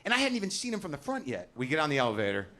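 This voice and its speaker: A man's voice: on the high side, huge pitch swings, racing, pushed and bright. A middle-aged man doing a stand-up set on a club stage, ranting and swearing with self-deprecating bite. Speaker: stand-up comedian. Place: comedy club stage with audience.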